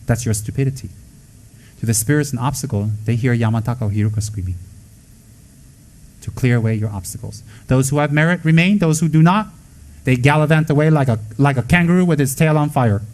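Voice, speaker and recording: A man teaching Buddhism in a blunt, scolding way. He mixes sharp rebukes with joking asides and briefly acts out what others would say. His pitch sits in the ordinary middle for a man. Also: fairly quick, poor audio. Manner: acts out quoted voices. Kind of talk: dharma talk to students.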